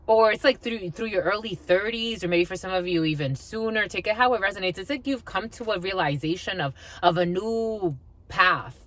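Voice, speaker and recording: A woman's voice: mid-range voice, fairly bright tone. A woman giving a casual tarot reading, chatty and blunt, swearing freely and laughing as she talks. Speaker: tarot reader.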